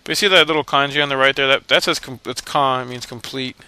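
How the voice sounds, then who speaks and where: A man's voice: medium pitch, quick pace, pushed and bright, clean tone, no echo. A young man hosting a let's play, giving casual, rambling gameplay commentary in a joking, self-mocking way.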